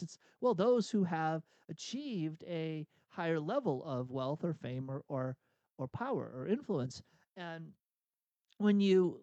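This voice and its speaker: Guy on catholic radio, kinda high mellow voice, dry studio, thinking out loud. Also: dry recording. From outside Boston. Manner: thinking aloud, frequent restarts and rhetorical questions. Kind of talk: reflective spiritual talk.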